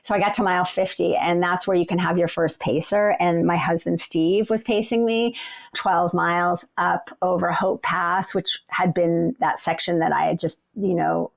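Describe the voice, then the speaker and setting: A woman, an ultrarunner, casually telling the story of a race in a chatty, animated way. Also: on the low side, normal speed, creaky. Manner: chatty and animated, filled with "like" and "you know".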